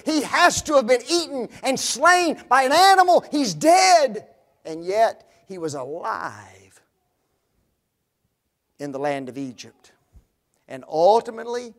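Very high-voiced male preacher. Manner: rhetorical questions, dramatic drops to quiet. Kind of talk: sermon.

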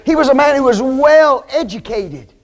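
High-voiced preacher man, emphatic. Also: expressive, moderate pace. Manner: emphatic, rhetorical questions to the congregation. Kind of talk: sermon.

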